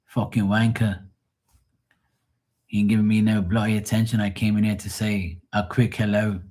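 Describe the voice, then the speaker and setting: A man's voice: on the low side, level tone, normal speed, darkish tone, close to an everyday voice. A man doing a grumbling English bloke. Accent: put-on English. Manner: grumbling, profane. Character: grumpy slangy English man.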